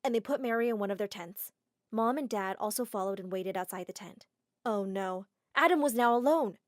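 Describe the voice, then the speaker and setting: Expressive woman narrating an animated drama. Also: mid-range voice, brisk, dry recording, clean studio sound. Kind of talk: first-person animated story narration.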